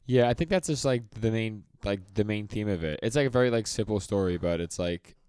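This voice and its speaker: A man co-hosting a podcast in casual chat, halting and filling nearly every phrase with "like". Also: lowish voice, darkish tone, clean tone, dry recording. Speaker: podcast co-host.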